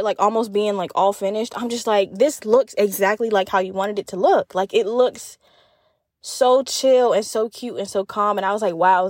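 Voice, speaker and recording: A woman's voice: medium pitch, no echo, clean studio sound. A young woman hosting a podcast in casual chat, candid and profane, telling stories with lots of fillers. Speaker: podcast host.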